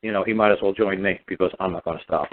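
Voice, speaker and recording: A man's voice: sits low, fairly even intonation, racing, slight background noise. A man on a radio show telling his story in an emphatic, repetitive, defiant way. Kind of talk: impassioned radio talk. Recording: tinny phone-like line.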